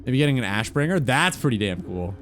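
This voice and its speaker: A man's voice: mid-range voice, very animated, a little fast, fairly bright tone, faint music behind. A man chatting casually on a gaming stream, rambling and swearing offhandedly.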